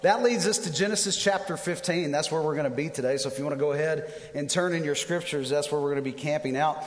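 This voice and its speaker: Animated pastor preaching in a reverberant hall. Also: male voice, on the high side, quick pace. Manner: animated storyteller, self-deprecating humor. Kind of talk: sermon with personal storytelling. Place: church auditorium.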